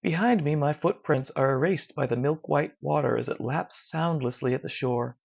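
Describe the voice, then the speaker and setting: A narrator reading a dark first-person horror story in a slow, measured, hushed way. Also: mid-range voice. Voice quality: gravelly. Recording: dull lo-fi recording.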